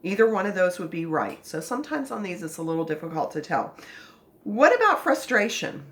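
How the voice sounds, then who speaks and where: A woman teaching a children's phonics lesson, expressive, patient and encouraging. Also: fairly low pitch, fairly quick.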